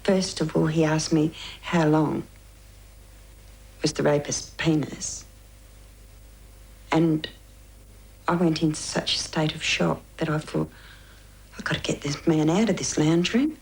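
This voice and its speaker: Slow, gravelly-voiced woman. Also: deep voice, steady tone, poor audio. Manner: measured, quietly recounting, often dropping to a near whisper. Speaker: interviewee recounting police questioning. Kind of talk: documentary interview testimony.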